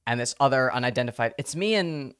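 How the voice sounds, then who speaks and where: This live streamer talks casually to the audience in an expressive, quick, middle-pitched voice with a fairly bright, clean tone. Their chatter wanders, laughter bursts out often, and swear words come freely.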